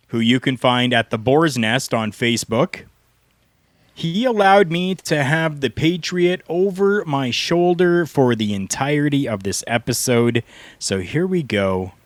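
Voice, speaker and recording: A middle-aged man, a former pro wrestler, co-hosting a podcast and telling stories in an earnest, deliberate way. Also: medium pitch, dry recording. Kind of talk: storytelling podcast talk.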